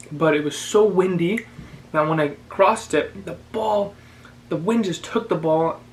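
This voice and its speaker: A young man from Canada, a vlogger, chatting casually and giving advice, pausing now and then to chew. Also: a little high, slight background noise, rough recording. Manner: relaxed, chatty, with pauses to chew. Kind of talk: casual chat while eating.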